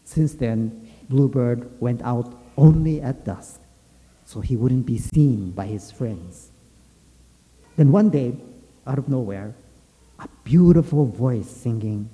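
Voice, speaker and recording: Man, Buddhist teacher, gentle and unhurried storyteller, long hall reverb. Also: mid-range voice, expressive. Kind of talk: storytelling dharma talk.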